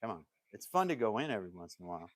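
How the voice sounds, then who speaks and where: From his home woodworking workshop, a man hosts a casual live stream, joking, rambling and laughing often as he speaks right to his viewers. His fairly low voice is sing-song and rapid-fire, with no echo.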